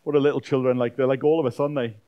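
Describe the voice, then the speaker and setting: A man preaching a sermon as a pastor, swinging from loud dramatic outbursts to quiet, intimate lines. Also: mid-range voice, flat delivery, rapid-fire, clear, resonant tone, dull audio. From Wales. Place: church weekend-away gathering.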